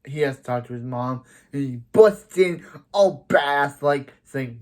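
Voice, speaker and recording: A man's voice: fairly high pitch, lively intonation, measured pace, darkish tone. Rambling man recapping a TV episode. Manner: rambling, many restarts and repeated "so". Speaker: TV episode reviewer.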